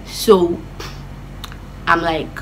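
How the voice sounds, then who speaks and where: A woman telling a childhood story in a chatty, animated vlog style with lots of asides. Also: fairly low pitch, extremely slow, a little hiss or hum, poor audio. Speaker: vlogger.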